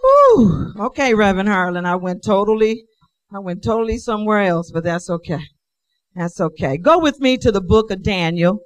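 Brief: woman preacher in a fervent, repetitive sermon, middle pitch, dry recording. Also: brisk, dry recording, low-quality recording. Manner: emphatic, repetitive, call-and-response. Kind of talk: sermon and prayer.

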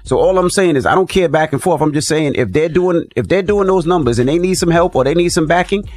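A man's voice: on the high side, fast talker, darkish tone, no echo. A male radio host making his point in casual talk, emphatic and repeating himself. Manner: emphatic, repeats words while arguing.

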